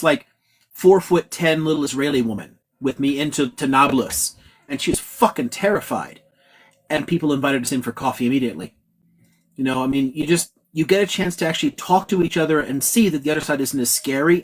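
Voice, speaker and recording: A man's voice: on the high side, breathy edge. A man hosting a casual live-stream discussion, talking bluntly and swearing freely. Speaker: host.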